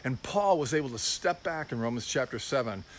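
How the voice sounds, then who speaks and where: A man's voice: mid-range voice, animated, brisk, a little hiss or hum. Reflective middle-aged male preacher. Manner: reflective, personal and confessional. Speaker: pastor. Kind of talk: informal sermon.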